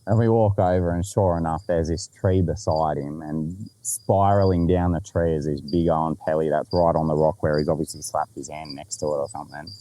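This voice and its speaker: A young Australian man with a low, mellow voice recounts a field trip on a casual podcast. He talks in an animated way, swears often and laughs along. Faint insect chirps sit under the voice. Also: a little fast, hardly any pauses, slight background noise, rough recording. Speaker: podcast host. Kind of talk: casual storytelling chat.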